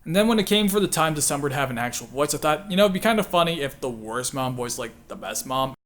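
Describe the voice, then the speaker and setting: Chatty self-deprecating man, higher voice. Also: animated, fast, a bit bright. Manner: chatty and self-deprecating, with frequent laughs and "like" fillers. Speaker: channel host and voice actor. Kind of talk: casual video commentary.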